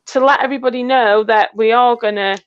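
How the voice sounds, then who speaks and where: A woman's voice: on the high side, steady tone, brisk, smooth, dry recording, dull audio. An English woman co-hosting a casual live chat, teasing her friend and reading out viewer comments. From England. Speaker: co-host of a metal detecting channel.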